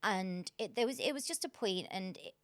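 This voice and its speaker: A woman, a podcast guest telling her story in a casual, animated way and laughing often. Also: mid-range voice, normal speed, no echo.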